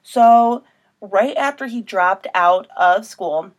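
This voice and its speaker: A Midwestern American woman co-hosts a laid-back true-crime podcast, recounting a case in a chatty, meandering style packed with filler words. Her voice is medium in pitch and slow-paced, with the high frequencies cut off.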